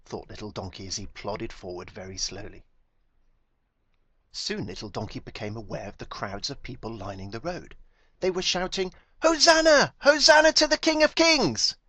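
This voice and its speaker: A man reading his own children's story aloud with gentle, expressive storytelling. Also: fairly low pitch, slightly rough, no echo. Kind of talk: storybook narration.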